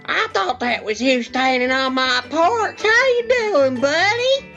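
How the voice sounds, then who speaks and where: A reviewer voicing a brash young boy with a shrill, squeaky voice, in a dull lo-fi recording with faint music. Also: lively intonation, slow pace, heavily acted. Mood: cheery. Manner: shrill, yelling.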